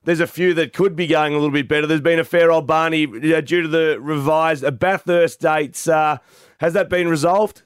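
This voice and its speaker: A man's voice: a little high, fairly even intonation, moderate pace, clean tone, no echo, studio quality. A man hosting a radio show, jokey and teasing his co-hosts. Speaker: radio host. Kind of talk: casual radio chat.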